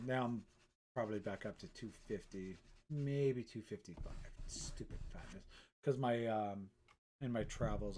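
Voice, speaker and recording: A man's voice: on the low side, warm tone, a little hiss or hum. A middle-aged man, a painter, chatting casually on a live stream from his art studio, rambling and self-mocking and swearing freely.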